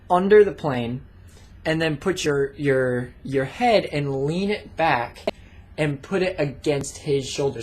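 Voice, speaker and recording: A young man vlogging a story in a rambling, casual way with plenty of swearing and fillers. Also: fairly high pitch.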